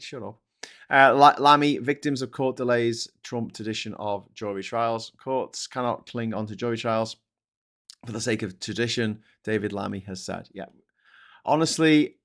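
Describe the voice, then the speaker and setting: A man's voice: fairly low pitch, gravelly. A man with a Scouse accent hosting a casual live stream, reading out viewer comments and answering them bluntly, with plenty of swearing. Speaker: host.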